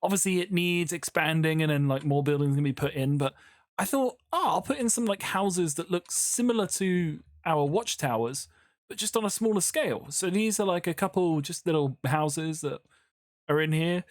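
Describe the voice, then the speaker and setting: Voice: medium pitch, moderate pace, no room sound, clean studio sound. A gaming YouTuber, chatting casually while building in a sandbox game, rambling and often breaking off mid-thought. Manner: chatty, rambling, self-interrupting. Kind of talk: casual Minecraft building commentary.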